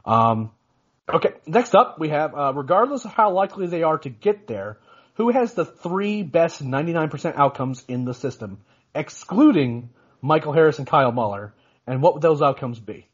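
A man's voice: a little high, sing-song, normal speed, husky, highs cut off. A man co-hosting a casual sports podcast, rambling with lots of restarts and "you know"s. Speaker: podcast co-host.

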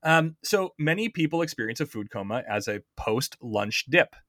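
A man's voice: medium pitch, expressive, moderate pace, bright, forceful tone, no echo, studio quality. A man hosting a podcast, explaining science in a chatty way, quizzing his co-host and often restarting his sentences.

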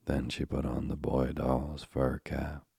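A man's voice: extremely low pitch, little pitch movement, slow pace, gravelly, warm tone, husky, dry recording, clean studio sound, exaggerated voice. A man voicing a dramatic little mauve mouse.

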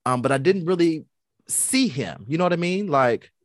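A podcast co-host chatting casually and excitedly, often trailing off with fillers. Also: mid-range voice, moderate pace, no room sound, studio quality. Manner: animated, gushing, trails off with fillers. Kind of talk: casual chat.

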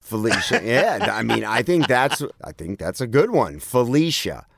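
A man's voice: medium pitch, big pitch swings, normal speed, vocal fry, no echo, clean studio sound. A man co-hosting a podcast in casual chat, joking around, laughing often and acting out mock moans. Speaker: podcast co-host.

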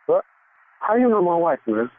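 A man arguing over a narrow, tinny phone line from a loud factory floor. He talks high with a lively swing in pitch, defending himself and cursing. He repeats his points over and over. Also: normal speed, very noisy. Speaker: prank call target. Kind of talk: heated phone argument. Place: factory at work.

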